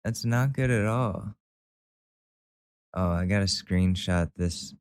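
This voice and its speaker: Male host, lowish smooth voice, dry close mic, wry commentary. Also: takes it slowly, no echo. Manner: wry, incredulous reactions. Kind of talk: casual commentary.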